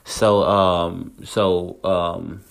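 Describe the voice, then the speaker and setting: Deep-voiced man rambling through a story. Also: flat delivery, very slow, creaky. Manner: rambling, many fillers and restarts. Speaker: podcast host. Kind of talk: casual storytelling.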